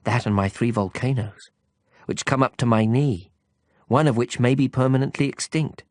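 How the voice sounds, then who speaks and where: A man voicing a small, earnest boy prince in an audiobook, speaking high, soft and wistful. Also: moderate pace, no echo, studio quality, lightly acted. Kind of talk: audiobook character voice.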